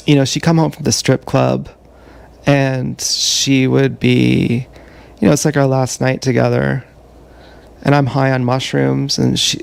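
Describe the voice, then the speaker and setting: A man on a livestream telling a rambling, profane confessional story, halting often with fillers, recorded on an action camera. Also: mid-range voice, gravelly, a little mellow.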